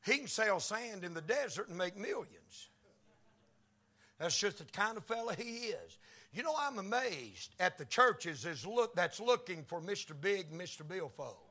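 A man preaching a sermon in a slow, folksy Tennessee drawl, building to loud shouted peaks. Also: sits high, big pitch swings. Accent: Tennessee Southern US.

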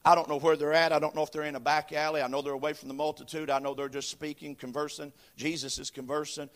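A man preaching a sermon, chanting phrases that start with a gasped "uh" and swell into shouts. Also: a little high, little pitch movement, fast talker. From western North Carolina, USA. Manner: rhythmic preaching, each phrase opened with a gasped "uh", building to shouts. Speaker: visiting preacher. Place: church building.

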